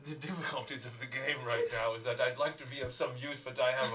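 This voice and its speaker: A man's voice: medium pitch, steady tone, fast talker, pushed and bright. A man player in a tabletop game who talks in a wry, joking way. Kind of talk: tabletop role-play. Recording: distant mic with clear background noise.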